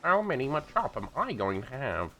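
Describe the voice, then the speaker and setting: Sick with a sore throat, a man streams a game and talks to himself in a rambling, profane way as casual gameplay chat. His mid-range voice swings hugely in pitch, at a moderate pace and a bit bright, with faint music behind.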